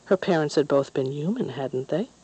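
Low, mellow woman storyteller. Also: animated, normal speed, slightly rough, poor audio. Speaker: narrator. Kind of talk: storybook reading.

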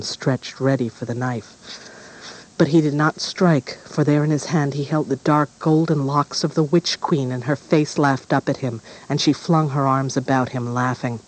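Man reading a dark fairy tale. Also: medium pitch, fairly even intonation, moderate pace, rough recording. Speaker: narrator.

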